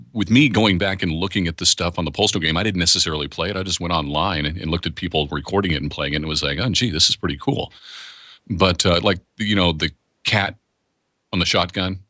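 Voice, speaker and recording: A man's voice: sits low, pushed and bright, no room sound, clean studio sound. A man who works as a voice actor, talking candidly in a casual interview and rambling with restarts. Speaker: voice actor guest.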